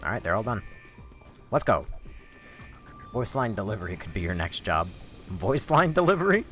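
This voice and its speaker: A man's voice: low-pitched, normal speed, faint music behind. A man chatting and joking as he plays a video game and reads chat. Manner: animated, jokey, chatty. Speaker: game streamer. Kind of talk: casual gameplay commentary.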